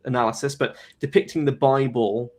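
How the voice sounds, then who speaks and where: A man at a mid pitch hosts a live-streamed talk. He lays out his views in a measured, analytical way and states his opinions firmly. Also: steady tone, a little mellow. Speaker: host.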